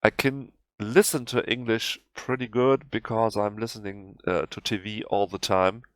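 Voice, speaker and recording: A man with a German accent, a native German speaker, talking through a software tutorial in halting English that often restarts. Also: fairly low pitch, little pitch movement, dry recording, clean studio sound. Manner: halting, self-correcting non-native English. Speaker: tutorial host. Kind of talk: screen-recorded software tutorial.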